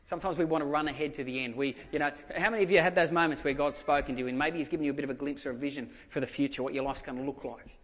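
A man's voice: a little high, fairly even intonation, racing, hardly any pauses, a bit bright. An Australian man preaching a sermon as a pastor, telling stories in a conversational way and repeating emphatic phrases.

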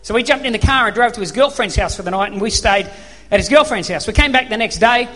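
A man's voice: high voice, animated, quick pace, fairly bright tone. A male pastor preaching a sermon, telling a story animatedly and acting out the voices in it. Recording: hall reverb.

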